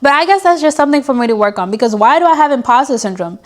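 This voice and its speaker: Young woman, vlogger, candid diary talk, self-mocking, emotional pep talk, higher pitch. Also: expressive, very fast.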